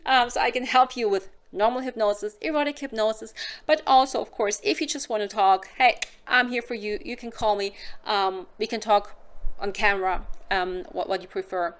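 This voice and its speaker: A German woman with a German accent speaks at normal speed in a medium-pitched, steady voice. As a hypnotist and sex advisor, she gives frank, casual advice straight to camera, acting out little scenes in silly voices.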